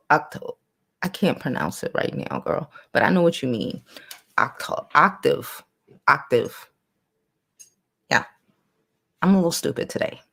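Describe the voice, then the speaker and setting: A woman hosts a casual livestream in a hoarse, gravelly voice, speaking. She talks in a playful, rambling way, trailing off and restarting her sentences. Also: very deep voice. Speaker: livestream host.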